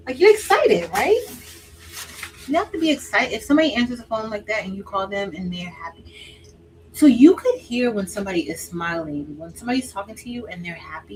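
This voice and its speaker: A woman hosting a craft livestream, chatting casually with viewers by name while she works, swinging from excited exclaiming to quiet asides. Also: mid-range voice, brisk, slight background noise, rough recording. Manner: chatty, answers viewers by name, says y'all; drifts between excited exclaiming and soft asides.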